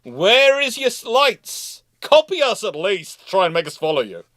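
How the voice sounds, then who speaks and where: Scornful British sea captains voiced by a man jeer in a raised, loud and mocking tone. The delivery is scolding and close to the mic, with a dry sound. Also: sits high, sing-song, a little slow, no echo, pitched above the performer's own voice, exaggerated voice. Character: scornful British naval captains, adult men.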